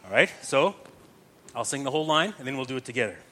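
A man's voice: medium pitch, very animated, quick pace, a bit bright. A man teaching Gregorian chant to a group, explaining patiently step by step and often checking in with "right?".

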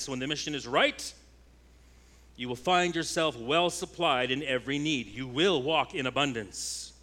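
A man delivers a sermon in a voice on the high side, swinging from loud, emphatic declarations to hushed, intense passages.

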